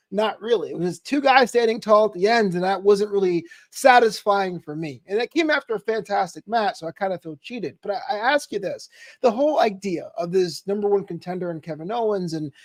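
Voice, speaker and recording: A man co-hosting a podcast, talking casually and jokily in a rambling way that often restarts mid-thought. His voice sits high for a man. The recording is dry and close, with no echo. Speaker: podcast co-host. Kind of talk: casual chat.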